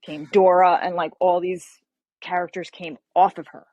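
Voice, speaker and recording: A woman novelist as an interview guest, telling animated stories and acting out quotes. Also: on the low side, moderate pace, no echo, lo-fi sound. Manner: animated storyteller, acts out quotes. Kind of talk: casual interview chat.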